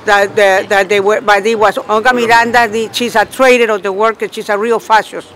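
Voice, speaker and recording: High-voiced indignant man on the street. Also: flat delivery, brisk, slight background noise. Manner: indignant, repeats himself, quotes himself loudly. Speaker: union member protester. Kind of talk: agitated street interview.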